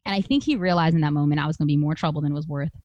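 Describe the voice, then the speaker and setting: A woman with a master's degree tells an audience a personal story in a low, darkish voice at a very fast clip. She's conversational and emphatic, acting out the voices of people she quotes. The recording is dry, with the highs cut off.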